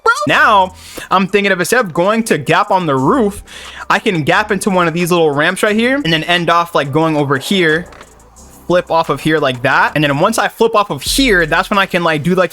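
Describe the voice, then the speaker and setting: A young man, a gaming YouTuber, giving casual gameplay commentary in an excitable, slangy way, swearing at his fails. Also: on the high side.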